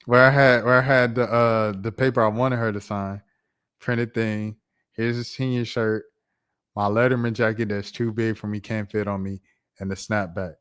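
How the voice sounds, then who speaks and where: A man around thirty telling a personal story on his vlog in a casual, slangy, animated way. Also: mid-range voice, moderate pace, clear, resonant tone. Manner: animated, slangy, acts out voices. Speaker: YouTuber.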